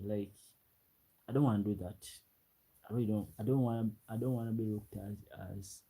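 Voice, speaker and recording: A man's voice: on the low side, dark tone, breathy edge, poor audio. A man from Uganda with a Ugandan English accent, chatting casually on a late-night live stream and reading out viewer comments. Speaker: livestreamer. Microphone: ring light setup, webcam.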